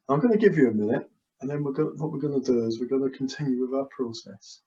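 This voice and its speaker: A man's voice: medium pitch, fast, mellow. Hypnotist man, soothing, on a dull call. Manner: soothing, repetitive trance suggestions. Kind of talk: guided hypnosis session. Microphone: video call. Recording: dull, lo-fi video call audio.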